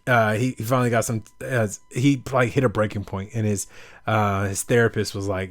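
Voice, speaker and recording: A young man with a lowish voice and level tone hosts a casual podcast chat, speaking fairly quickly. He rambles through his stories with lots of fillers.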